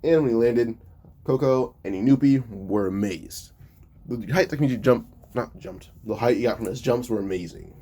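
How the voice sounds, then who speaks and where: A man's voice: mid-range voice, moderate pace, mellow. A man casually narrating a fan-made story in a loose, stumbling way, often correcting himself mid-sentence.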